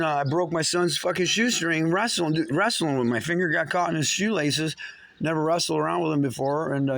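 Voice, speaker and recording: A man's voice: on the high side, fairly bright tone. A man telling his own story in an angry, rambling monologue, swearing often and stumbling through many restarts. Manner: profane, agitated, halting with many restarts.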